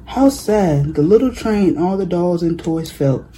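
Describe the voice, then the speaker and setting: A storyteller reading a children's picture book aloud, steady with small slips. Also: mid-range voice, a little slow, a little hiss or hum, rough recording.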